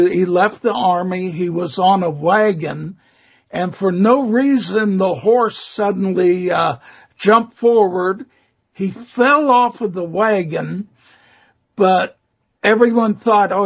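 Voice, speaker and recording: Slow, gravelly man with a husky voice. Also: high-pitched. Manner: slow, halting, many fillers. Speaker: guest expert on vampire lore. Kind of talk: conversational storytelling interview. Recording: muffled lo-fi audio.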